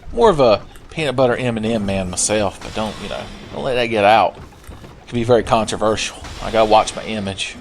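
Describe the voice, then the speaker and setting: Faint music plays behind a young gaming video host whose voice is on the low side and a little fast. His casual let's play commentary is joking and sarcastic, broken now and then by silly singing.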